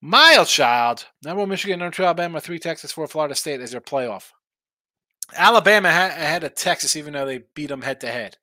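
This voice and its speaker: A tired man hosts a live sports betting stream, yawning between picks and rambling along in a casual way. His voice has a bright, forward edge. The mic is close and dry, with no room sound. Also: on the high side, lively intonation, fast talker, dry recording. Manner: rambling, reads viewer chat aloud. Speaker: sports betting show host.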